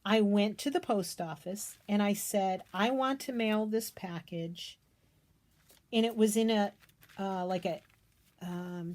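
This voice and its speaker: Middle-aged American woman, higher voice, craft vlogger venting to camera, emphatic and indignant. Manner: animated, indignant, emphatic repetitions. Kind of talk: casual ranting story to camera.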